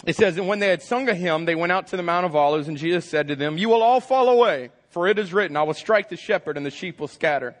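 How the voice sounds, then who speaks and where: A man, preaching a lively, joking sermon and acting out scenes. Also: high-pitched, fast, few pauses. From Texas. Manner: energetic, joking, acts out scenes in voices. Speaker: pastor. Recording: long hall reverb.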